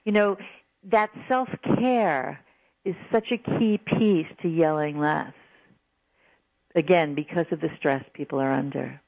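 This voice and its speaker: A woman guest on a radio call-in show giving parenting advice in an earnest, animated way. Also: low-pitched, slow, creaky, dry recording. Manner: earnest, animated, acts out quoted apologies. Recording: dull lo-fi radio broadcast.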